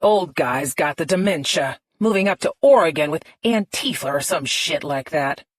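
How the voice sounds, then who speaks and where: Woman doing a crude, shouting older mother. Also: sits low, lively intonation, normal speed, no echo. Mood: scornful. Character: foul-mouthed, abrasive older mother.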